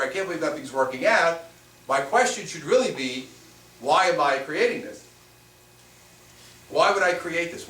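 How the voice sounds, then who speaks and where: In a live seminar, a spiritual teacher speaks conversationally in a medium-pitched, slightly bright voice, firing off rhetorical questions to the room. The audio has faint hiss, sits far from the mic and carries room echo.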